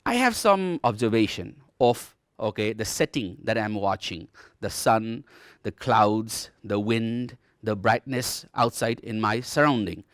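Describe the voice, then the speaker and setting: Lively Nepali-accented English teacher. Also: male voice, lowish voice, a little slow, no room sound, studio quality. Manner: explanatory, repeats "okay" often, demonstrates rising and falling tones. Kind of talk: televised distance-learning lesson. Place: TV studio.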